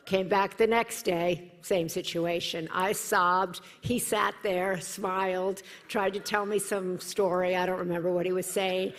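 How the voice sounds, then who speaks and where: A middle-aged American woman speaks from a podium in a large hall, and her voice carries a long reverberant tail. Her pitch sits slightly low. She talks with earnest gratitude and turns lively and expressive when she tells a personal story. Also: unhurried, few pauses. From United States. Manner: warm, earnest, animated when quoting others. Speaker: event speaker. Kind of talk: personal speech at a dinner event. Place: large hall at a dinner event.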